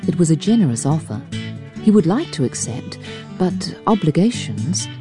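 A woman reading a story aloud in a measured, even storytelling manner. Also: deep voice, over music. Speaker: narrator. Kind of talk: scripted narration.

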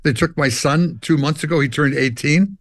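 Older Canadian musician, guest storyteller, slightly high voice, dry close sound. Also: male voice, moderate pace, dry recording. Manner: animated storyteller, acts out dialogue and hums riffs. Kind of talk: storytelling interview.

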